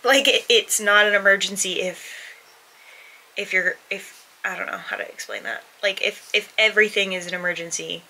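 A woman's voice: mid-range voice, animated, normal speed, creaky, sharp tone, a little hiss or hum, low-quality recording. Breathless rambling woman vlogger. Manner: rambling, hesitant, lots of fillers and restarts. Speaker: book vlogger. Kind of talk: casual vlog chat.

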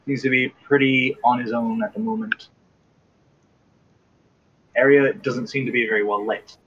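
Aussie guy dming a tabletop game, husky voice, lots of uh's, muffled lo-fi stream audio. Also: medium pitch, big pitch swings, moderate pace, a bit bright. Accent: Australian. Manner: hesitant, with many uh fillers while describing scenes. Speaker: game master.

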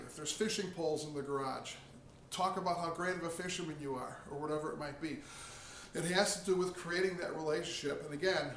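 A man's voice: a little high, fairly bright tone. A man giving a casual lesson on real estate phone skills, talking conversationally and acting out sample phone lines. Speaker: real estate investing teacher. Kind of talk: casual instructional talk. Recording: echoey room from a distance, faint noise.

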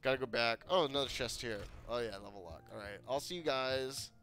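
A man casually commenting while playing a video game, excitable, swearing often, laughing and breaking into sudden loud outbursts. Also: mid-range voice, fairly quick, soft background music.

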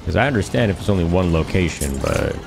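A man's voice: low voice, animated, quick pace, creaky, over music. A man giving playful, casual commentary while playing a game, now and then chanting lines over and over. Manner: playful, sings along and repeats chants. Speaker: gaming streamer. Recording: game gunfire behind voice.

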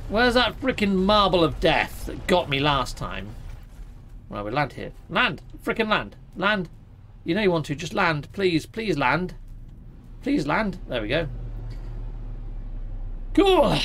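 Lively gravelly gamer. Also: male voice, on the high side. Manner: chatty, mock-swearing, addresses viewers as people. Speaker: gaming streamer. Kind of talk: live game commentary.

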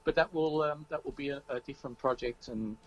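A man being interviewed over the phone, speaking in a relaxed, halting way with plenty of ums and uhs. The audio sounds dull and muffled, like a phone call. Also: mid-range voice, over a noisy crowd. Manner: relaxed, hesitant, many fillers. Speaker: musician guest. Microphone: phone line.

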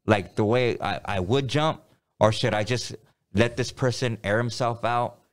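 A man's voice: fairly low pitch, a little slow. A middle-aged man telling a story in a casual interview, rambling, repeating himself and using plenty of street slang. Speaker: podcast guest.

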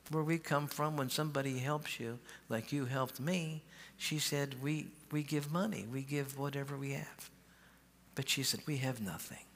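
A man pastor telling a healing story in a sermon, acting out the dialogue and calling on the crowd to shout. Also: a little high, slight background noise. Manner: animated, acts out quoted dialogue, calls for shouts. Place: large church hall. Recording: live church hall with long reverb.

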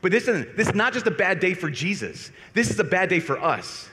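A man, a Catholic priest, gives a homily to a youth conference, telling a story in an animated, self-deprecating way. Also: high-pitched, brisk, slight background noise. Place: large conference hall. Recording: echoey hall reverb.

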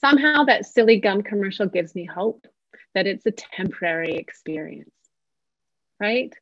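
A woman's voice: medium pitch, normal speed, no room sound. A woman psychotherapist giving an online parenting workshop over a video call, talking casually and acting out what parents say. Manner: warm, chatty, acts out parents' quotes. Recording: dry, slightly dull video-call audio.

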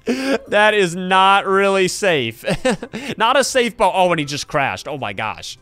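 A man hosting his gaming channel, giving excitable play-by-play commentary and yelping at every danger. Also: sits high, takes it slowly, clean tone, faint music behind. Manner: excitable, yelps and laughs at danger.

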